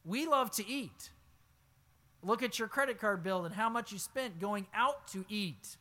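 A man preaching a sermon as pastor, reading scripture aloud and then explaining it, swinging from low asides to loud emphatic exclamations. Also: expressive, a little slow. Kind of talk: expository sermon.

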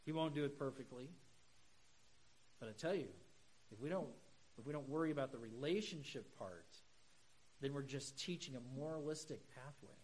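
A middle-aged pastor preaching a sermon in a conversational way, with humorous asides and emphatic high points. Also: male voice, normal speed, long pauses, a little mellow, breathy edge, poor audio.

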